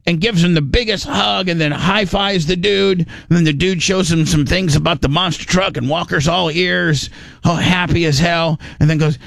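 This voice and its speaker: A man hosting a casual radio show, rambling through stories with lots of restarts and animated asides. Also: a little high, normal speed, vocal fry, no echo. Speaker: show host.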